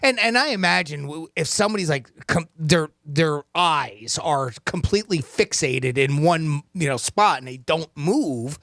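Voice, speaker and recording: A man co-hosting a radio talk show, relaying a news story and thinking aloud in a measured, hedging way. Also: a little high, animated, gravelly, a bit bright, no echo, clean studio sound. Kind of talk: casual radio chat.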